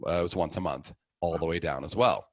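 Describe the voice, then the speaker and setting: A low voice, a bit fast, with no echo: a middle-aged man appearing as a guest casually narrates his conversion, performing each figure in the story with lively delivery.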